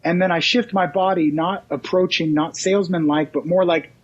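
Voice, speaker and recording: Husky guy with a high voice doing all the doorstep parts himself, dull lo-fi sound. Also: fairly even intonation, normal speed. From California. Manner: acts out both sides of a doorstep talk. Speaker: real estate agent guest. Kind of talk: animated storytelling with acted-out dialogue. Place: mobile office.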